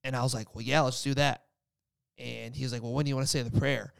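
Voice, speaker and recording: A man's voice: mid-range voice, little pitch movement, fast, vocal fry, clean tone, dry recording, clean studio sound. A young man casually telling a personal faith story, rambling with lots of "like" fillers. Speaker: guest sharing a faith story. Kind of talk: casual testimony chat.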